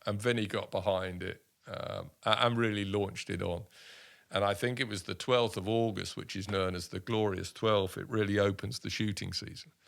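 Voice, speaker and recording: Older british army vet guy, low gravelly voice, telling stories all lively with lots of restarts. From United Kingdom. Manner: animated anecdotes with many restarts and voiced quotes. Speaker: army veteran guest. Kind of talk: casual storytelling interview.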